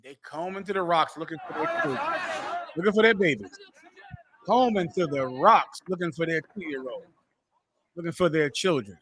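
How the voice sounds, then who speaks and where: A man hosting a talk show, giving forceful preaching commentary and repeating phrases for emphasis. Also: a little high, animated, normal speed, long pauses, slight background noise. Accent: American.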